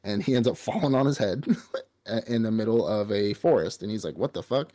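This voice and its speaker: A man's voice: on the low side, normal speed, mellow. A man hosting a podcast, casually and profanely retelling an anime episode. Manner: rambling, profane storytelling with laughs. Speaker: podcast host. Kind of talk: casual anime recap chat.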